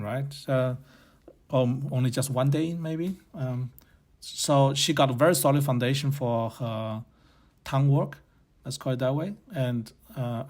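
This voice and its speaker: A podcast host whose first language is Chinese muses aloud in a casual opinion monologue. His voice is mid-range with a darkish tone, and he comes across as blunt and opinionated, rambling and correcting himself as he goes.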